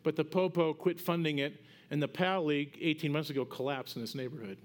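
A middle-aged pastor preaching in a lively, conversational way, his voice sitting high for a man. He pushes up into bright, emphatic peaks as he drives a point home, then drops back to easy storytelling. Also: brisk. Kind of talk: sermon.

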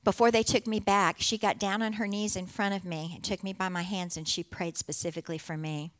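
A middle-aged woman speaks to a church congregation, telling her own story in an earnest, heartfelt way. Her voice sits at an ordinary pitch for a woman, and light laughter slips into her telling. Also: steady tone, brisk, fairly bright tone. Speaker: church speaker sharing testimony. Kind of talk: personal testimony to a congregation.

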